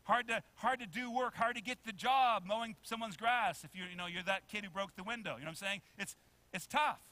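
A man preaching a sermon in a church with a bright, ringing tone and a high-set voice. He is animated, acts out little quotes and keeps asking the congregation questions. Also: brisk. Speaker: pastor. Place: church sanctuary.

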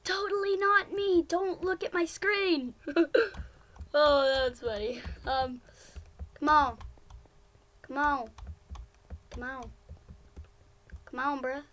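A woman giving casual gameplay commentary, excitable and giggly, with frequent exclamations. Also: sits high, slow pace, pauses often. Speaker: gamer.

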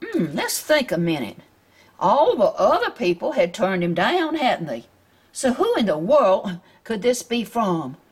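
A woman with a Southern US accent reads a picture book aloud to children, gently stopping to ask her listeners questions. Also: medium pitch, very animated, unhurried, breathy edge. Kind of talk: storybook read-aloud.

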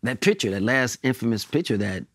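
A man's voice: mid-range voice, lively intonation, a little fast, dry recording, studio quality. A man, a comedian and actor, telling loose, rambling anecdotes as an interview guest. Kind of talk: casual interview chat.

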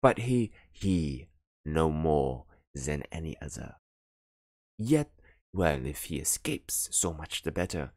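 A man reading an audiobook, voicing a calm, unbothered police detective who brushes off worries. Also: very deep voice, slow, no room sound, heavily acted. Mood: dismissive. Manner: calm, dismissive, dry. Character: unflappable middle-aged male police detective.

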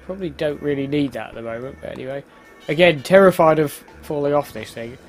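A man's voice: a little high, fast talker, soft background music. A man giving casual, self-mocking commentary while playing a video game. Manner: chatty, exclaims at the game, laughs at himself. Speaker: let's play host.

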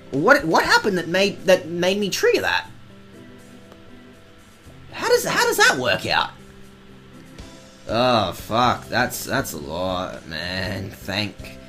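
A woman's voice: very deep voice, a bit bright. A woman commenting casually on a game as a let's-play host, profane and sarcastic. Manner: profane, sarcastic, slow drawling.

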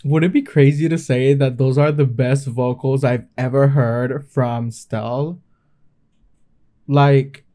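A man hosting a reaction video, gushing and excitable as he comments casually over a performance. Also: medium pitch. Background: faint music from the video being watched.

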